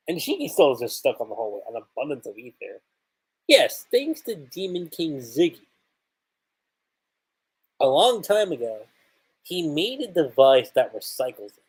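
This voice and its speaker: Animated husky man reviewing manga live. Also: a little high, moderate pace, low-quality recording. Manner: animated, thinks aloud with restarts and laughs. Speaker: manga livestream host. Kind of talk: casual livestream chapter review.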